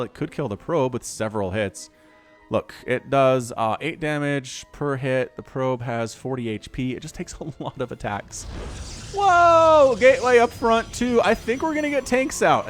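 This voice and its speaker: An American man giving excitable, chatty solo commentary on a strategy game, often talking straight to the players. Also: mid-range voice. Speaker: esports caster.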